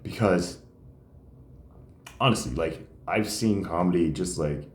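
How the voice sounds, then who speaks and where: A man's voice: low voice, takes it slowly. A man who does stand-up comedy, telling stories in a casual, rambling way with many fillers. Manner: animated, rambling, frequent fillers. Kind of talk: casual storytelling chat. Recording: roomy echo.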